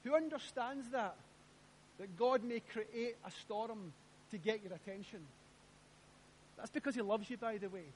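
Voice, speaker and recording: A man's voice: sits high, unhurried, long pauses, darkish tone, a little hiss or hum. A man preaching a sermon in church, emphatic and repeating his phrases while asking the congregation questions. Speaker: pastor.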